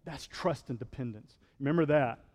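A man's voice: medium pitch, moderate pace, a little mellow, in a large hall. A male pastor preaching a sermon in a conversational style, acting out quotes and building to fervent peaks.

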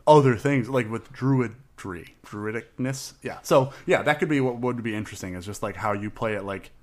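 A man co-hosting a podcast, chatting casually and rambling with lots of jokes and laughs. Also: mid-range voice. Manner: rambling, jokey, quick to laugh. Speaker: podcast co-host. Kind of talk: casual chat about a tabletop character.

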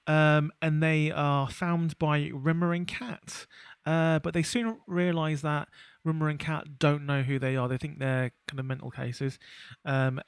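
Chatty man with a rather high voice. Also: clean tone, dry recording. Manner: chatty, rambling with frequent restarts and fillers. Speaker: podcast co-host. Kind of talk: casual chat.

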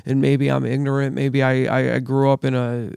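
A man ranting angrily as a podcast guest, swearing freely and climbing higher in pitch as he gets worked up. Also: monotone, moderate pace, gravelly, a little mellow, clean tone, no room sound, studio quality. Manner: angry, profane ranting that builds in pitch. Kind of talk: heated podcast conversation. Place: studio.

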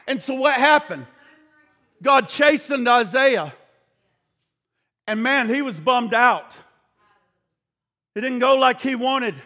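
A man preaching a sermon with fervor, shouting the high points and sinking to a quiet, hushed voice for the solemn passages. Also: lively intonation, slow, pauses often. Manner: impassioned, shouting at peaks, then dropping to a hushed low voice.

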